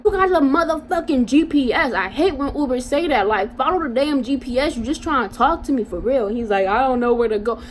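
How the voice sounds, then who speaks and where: A young woman vlogger telling a casual storytime in an animated, slangy way, talking straight to her viewers. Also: high-pitched, a little fast, few pauses, a little hiss or hum.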